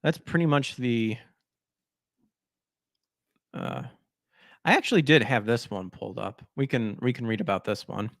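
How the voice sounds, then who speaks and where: A male podcast host rants about gaming news, mocking what he reads with blunt, crude sarcasm. His voice sits in a middle pitch, and the sound is close and dry, with no room echo. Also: a little slow, vocal fry, pauses often, a bit bright. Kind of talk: ranting gaming news commentary.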